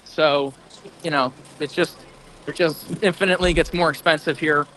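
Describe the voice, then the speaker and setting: A man with an American accent walks a rainy city street at night, reporting live into his phone. His voice is bright and somewhat high, and his talk rambles with chuckles and restarts. Faint traffic noise sits behind him. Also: steady tone, moderate pace, poor audio. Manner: rambling, hedging, chuckling as he talks.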